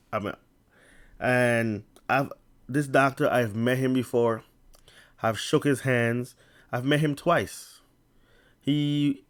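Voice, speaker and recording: A man with a medium-pitched, clear and resonant voice vlogs casually to camera. He has a stutter and a lisp, reading an article aloud haltingly with many restarts and tongue-tied slips.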